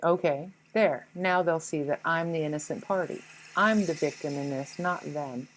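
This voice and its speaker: A woman's voice: deep voice, moderate pace, a little hiss or hum, natural voice, rough recording. A woman voicing a petty, defensive inner ego that blames everyone else, whiny and indignant, with swearing. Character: petty defensive ego voice, self-pitying, blaming others.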